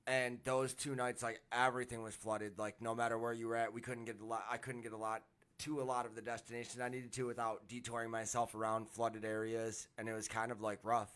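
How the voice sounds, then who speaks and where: A man's voice: mid-range voice, little pitch movement, fairly quick, fairly bright tone. A man co-hosts a casual podcast chat, rambling and swearing, with "like" in nearly every line. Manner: rambling, filler-heavy with lots of "like", swears. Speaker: podcast co-host.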